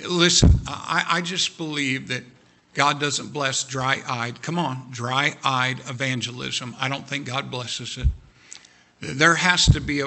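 A man's voice: a little high, vocal fry, pushed and bright. A man preaching a sermon, fervent and repetitive, calling out to his congregation. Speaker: pastor.

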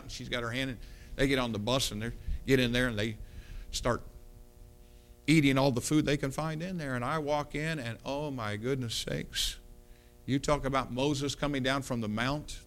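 A male pastor preaching, telling a personal story with lively quoted dialogue and punchy delivery. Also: medium pitch. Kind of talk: sermon storytelling.

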